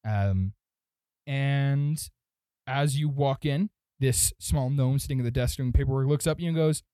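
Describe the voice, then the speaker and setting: A man narrating as dungeon master, relaxed and rambling, with fillers and self-corrections. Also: medium pitch, normal speed, clean tone, no room sound. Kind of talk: narrating a tabletop game.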